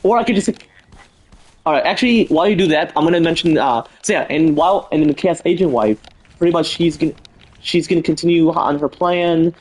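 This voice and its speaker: A man's voice: a little high, fairly quick, low-quality recording. A man streaming live, casually brainstorming a story with lots of "pretty much" and restarts. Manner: rambling, fillers like "pretty much".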